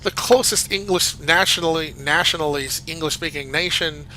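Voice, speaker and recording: A man's voice: fairly high pitch, normal speed, background noise. A man reviewing a flight simulator add-on in casual commentary, chatty and enthusiastic with rambling asides.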